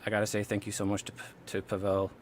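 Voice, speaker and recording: A laid-back man speaking as a guest on a casual podcast, with a fairly low voice. A faint background noise sits under his easygoing talk. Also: completely flat delivery, fast. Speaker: podcast guest, game collector. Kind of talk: casual chat.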